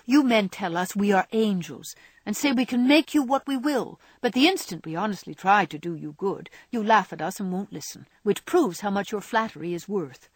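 A woman playing a frank young woman laying out her criticisms in earnest, with a lively, swooping delivery. The voice is slightly breathy and recorded close and dry. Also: on the high side, moderate pace, no echo. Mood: earnest scolding. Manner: earnest, lecturing. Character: earnest, sharp-tongued young woman scolding. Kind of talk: audiobook character reading.

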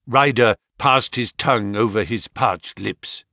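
A man narrating a story in a measured, scripted way. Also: medium pitch, creaky, bright, forceful tone, no room sound, clean studio sound. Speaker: audiobook narrator.

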